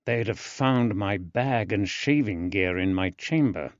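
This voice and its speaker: A male narrator voicing a composed, reassuring male investigator who speaks calmly and measuredly in an audiobook. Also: fairly low pitch, measured pace, no echo, lo-fi sound.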